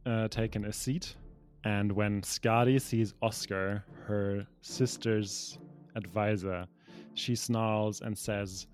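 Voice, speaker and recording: A man's voice: lowish voice, steady tone, slow, a little mellow, faint music behind. A young adult man as game master, reading pre-written narration for a tabletop game with small slips and restarts.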